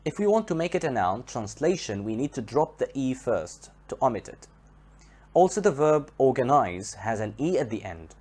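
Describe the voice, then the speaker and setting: A man teaching English grammar, spelling out letters and repeating each example word slowly to show where the stress falls. His first language is Arabic. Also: medium pitch, big pitch swings, a little mellow. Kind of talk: slow, careful grammar lesson.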